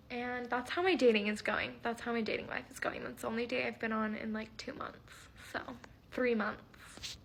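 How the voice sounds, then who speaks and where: A woman's voice: fairly high pitch, vocal fry, a bit bright. A woman chatting through a dating story to camera, full of fillers and laughter. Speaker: vlogger.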